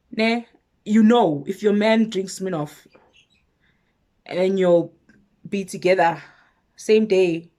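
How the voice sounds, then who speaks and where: South african woman vlogging her storytime, lowish voice, takes her time, drops to a hush now and then. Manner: lively storytelling, dropping to hushed asides. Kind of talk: storytime vlog.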